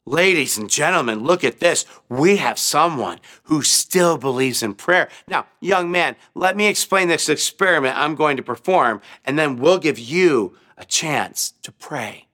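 A man's voice: fairly high pitch, lively intonation, a little slow, hardly any pauses, bright, forceful tone, voice pushed up. A male preacher voicing a sarcastic, mocking professor in a sermon story, sneering and theatrical.

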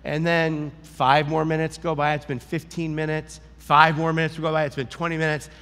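Pastor, male, slightly high voice, lively joking storyteller, sermon in a reverberant church hall. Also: normal speed, clear, resonant tone. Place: large church hall with audience.

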